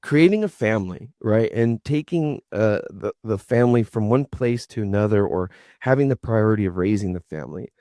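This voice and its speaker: A man's voice: fairly low pitch, lively intonation, fairly quick, hardly any pauses, dark tone, no room sound, clean studio sound. A man hosting a talk show, asking long earnest questions and rambling with slangy asides. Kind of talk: casual interview talk.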